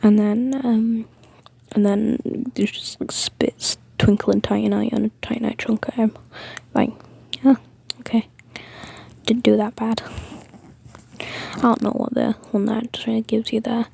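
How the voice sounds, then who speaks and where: A woman's voice: on the high side, little pitch movement, moderate pace, gravelly, warm tone, husky. A woman whispering a rambling story, with frequent fillers and restarts.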